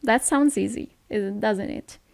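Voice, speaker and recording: A woman's voice: mid-range voice, measured pace, gravelly, a little mellow, no echo. A woman from Italy with an Italian accent, teaching a language lesson, who explains things patiently and keeps checking in with "okay?".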